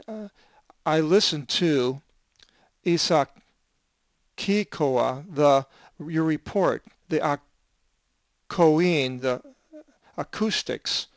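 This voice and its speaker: An older man with a smooth yet gravelly voice teaches biblical Greek at a slow, halting pace. He fills his pauses with "uh" as he reads and spells out Greek words. The sound is dry and close. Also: a little high, no echo. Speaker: Bible translator teaching Greek.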